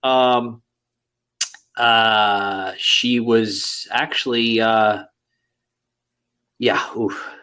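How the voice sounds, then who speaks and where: A man's voice: lowish voice, fairly even intonation, very slow, long pauses, pushed and bright, clear, resonant tone. A man hosting a podcast in casual chat, rambling with many fillers and crude banter. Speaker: podcast host.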